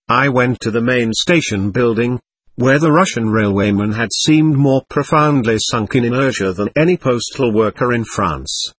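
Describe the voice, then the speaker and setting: A man narrates a first-person story with a slightly husky voice and a lively, wide-ranging pitch. His reading is earnest and measured, and the sound is close and dry. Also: no room sound.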